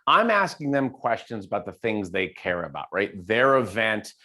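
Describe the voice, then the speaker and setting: A man speaking as a guest speaker in a casual conversational interview, animated, often restarting and repeating words as he tells stories. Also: fairly low pitch, normal speed.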